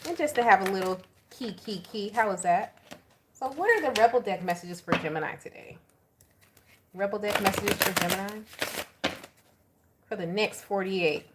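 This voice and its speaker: Chatty, animated woman tarot reader. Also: mid-range voice, normal speed, pauses often, very noisy. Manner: chatty, animated and slangy, laughing often. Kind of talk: casual tarot reading to viewers.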